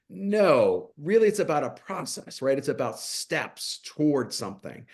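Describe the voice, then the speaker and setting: A man speaking as a mental health guest in a webinar discussion, animated and full of rhetorical questions. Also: on the high side, moderate pace, few pauses, breathy edge.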